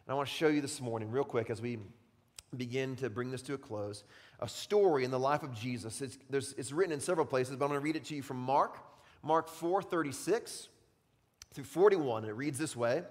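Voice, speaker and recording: A pastor preaching a sermon and retelling a story with drama, dropping to a hush and then rising to loud excitement. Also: male voice, medium pitch, brisk. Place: church sanctuary. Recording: long reverb of a large hall.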